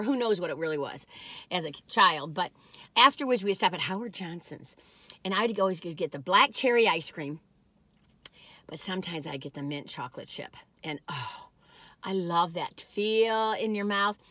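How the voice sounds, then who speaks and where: A woman's voice: fairly low pitch, expressive, moderate pace, pushed and bright, dry recording. A woman vlogger chatting from inside a car, folksy and rambling as she reviews cookies. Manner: folksy and chatty, drifts off topic. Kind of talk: rambling casual chat. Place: parked car.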